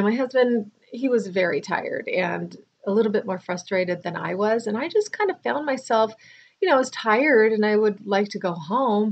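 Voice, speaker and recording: A woman's voice: mid-range voice, dull audio. A tired middle-aged woman chatting casually to camera, telling a rambling personal story with restarts and asides. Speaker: vlogger.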